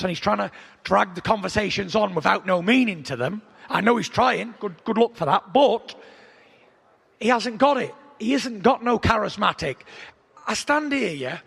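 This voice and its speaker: A young adult man, a boxer trash-talking at a press conference, boastful and taunting, with a gravelly voice. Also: high-pitched, lively intonation, normal speed, a bit bright. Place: large packed press conference hall. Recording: echoey large hall.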